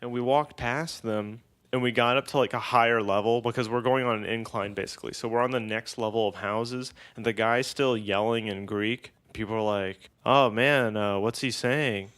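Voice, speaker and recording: A man's voice: mid-range voice, normal speed, hardly any pauses. Laid-back man telling a story. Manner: animated, profane, laughs often. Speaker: podcast co-host. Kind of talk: casual storytelling chat.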